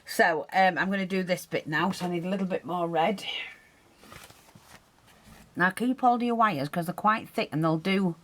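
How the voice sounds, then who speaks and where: A woman's voice: on the low side, normal speed, pauses often, fairly bright tone, slight background noise. A woman teaching a hands-on craft tutorial, chatting and explaining as she works, her breathing audible while she concentrates.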